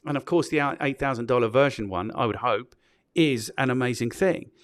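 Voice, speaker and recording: A man's voice: mid-range voice, fairly quick, dry recording, clean studio sound. A man hosting a casual podcast, giving opinions in a conversational way and often checking in with his co-host.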